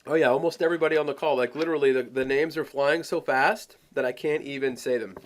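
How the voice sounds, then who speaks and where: A man presenting a sales training webinar, talking in an animated, emphatic coaching way. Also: mid-range voice, fast talker.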